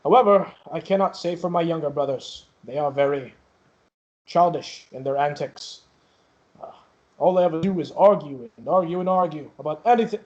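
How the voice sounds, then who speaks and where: A man's voice: fairly high pitch, darkish tone, muffled recording, lightly acted. A man voicing a stern, dutiful male guard captain in a tabletop game, speaking in a formal, solemn way.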